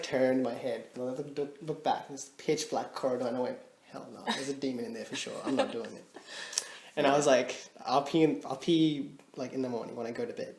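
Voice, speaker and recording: A young man, co-hosting a podcast, telling funny stories with lots of laughter and acted-out dialogue. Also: mid-range voice. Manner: animated, laughs often, acts out quoted dialogue. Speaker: podcast co-host. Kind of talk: casual storytelling. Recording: echoey room with faint noise.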